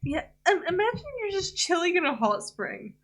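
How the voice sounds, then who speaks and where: A woman's voice: extremely high pitch, very animated, normal speed. A woman streamer giving casual, playful commentary while playing a game, often giggling. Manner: giggly and playful, breaking into laughter.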